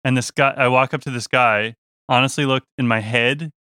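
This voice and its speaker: A young man, a touring musician, telling a story in an animated, casual way with lots of restarts and laughs. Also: mid-range voice, moderate pace, clean tone, no room sound, clean studio sound.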